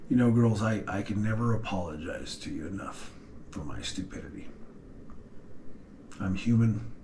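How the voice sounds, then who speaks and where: A middle-aged man with a low voice talks straight to his daughters in a heartfelt personal video message. He speaks earnestly and haltingly, often pausing and sighing. A faint hiss of noise runs underneath. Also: animated, dark tone. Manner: earnest, halting, with long pauses and sighs. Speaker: father addressing his daughters.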